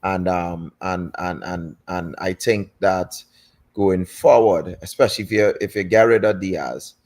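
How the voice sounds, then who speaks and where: A man co-hosting a football fan stream, talking casually in halting, rambling sentences. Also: deep voice, darkish tone. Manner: rambling, halting, with many fillers and restarts.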